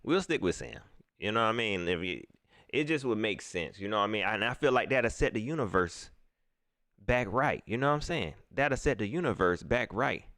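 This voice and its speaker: Lively man on a sports stream. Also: fairly low pitch, normal speed, no echo, clean studio sound. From South Carolina. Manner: loose and laughing, with playful mock voices and repetitions. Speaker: host of a live sports talk stream. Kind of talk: casual live-stream chat, reading viewer comments.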